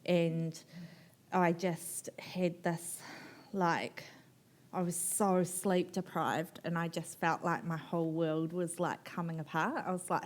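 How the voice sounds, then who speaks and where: Candid, laughing New woman, low-pitched. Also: takes it slowly. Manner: candid, animated, swears, laughs often, acts out quotes. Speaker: author guest at a book festival. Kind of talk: on-stage conversation, personal storytelling.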